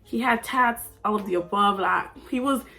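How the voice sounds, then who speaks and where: A woman's voice: mid-range voice, moderate pace, vocal fry, sharp tone, faint music behind. Chatty nineteen-year-old woman vlogging. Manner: chatty, oversharing, playful. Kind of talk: casual chat. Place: at home under a ring light.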